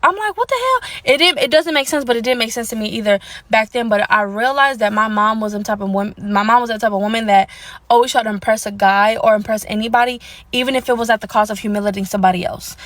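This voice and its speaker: Woman, rapid-fire, casual storytime, blunt, candid, indignant. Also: mid-range voice. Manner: blunt and candid, with occasional swearing; animated, indignant retelling.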